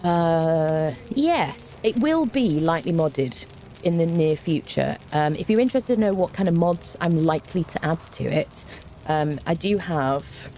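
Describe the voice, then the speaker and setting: Slight background noise accompanies a young woman's low, warm voice as she streams a game. In relaxed live-stream chat, she greets viewers by name, her speech full of fillers.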